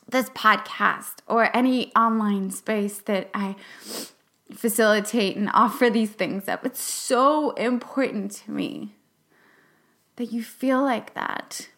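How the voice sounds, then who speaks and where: Young adult woman, podcast host, earnest, halting, emotional, slow-spoken, higher voice, drops to whispers. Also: fairly bright tone. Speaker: podcast host and class facilitator. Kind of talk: reflective podcast monologue.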